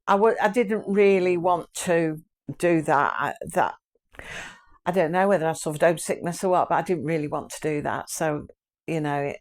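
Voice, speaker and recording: An older woman with a slightly low voice chats casually to her viewers. She rambles from memory to memory and laughs often. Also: darkish tone. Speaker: vlogger, channel host. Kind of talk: casual chat.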